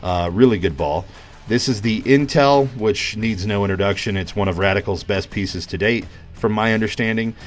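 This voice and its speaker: A man hosting a casual review vlog about bowling balls, talking in a relaxed, conversational way with lots of fillers and plenty of enthusiasm. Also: on the low side, moderate pace, soft background music.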